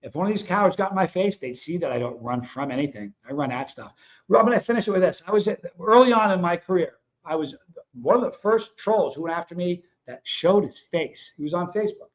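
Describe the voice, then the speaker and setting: Fired up and confrontational, this livestream host talks bluntly and casually to his audience. His voice sits high, expressive and a little fast, captured in dull lo-fi sound.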